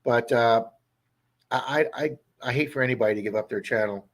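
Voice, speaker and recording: A man with a Baltimore accent hosts a casual livestream. His voice sits at an ordinary middle pitch, and he chats easily, answering viewers one by one and calling each of them by name. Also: fairly quick. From Baltimore area, USA. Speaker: livestream host.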